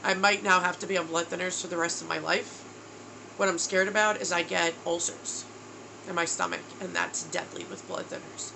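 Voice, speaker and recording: A woman's voice: on the low side, steady tone, moderate pace, gravelly, background noise. A woman in her thirties from New York, telling a personal video diary in a candid, emotional way, tired and close to tears. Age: 30s. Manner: candid, emotional, says bro. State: tearful, exhausted. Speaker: vlogger.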